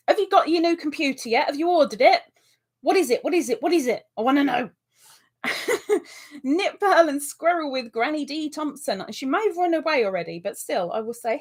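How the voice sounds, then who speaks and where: Speaking at a normal speed in a voice that sits high, this woman runs a chatty live stream. She reads viewers' comments aloud, answers them, and bursts into excited exclamations.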